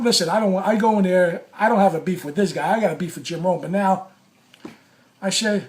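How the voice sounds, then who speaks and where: A man telling a personal story in a casual, animated way, swearing often and acting out what he said. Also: a little high. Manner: animated, profane, reenacts his own quotes. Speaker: former sports radio caller.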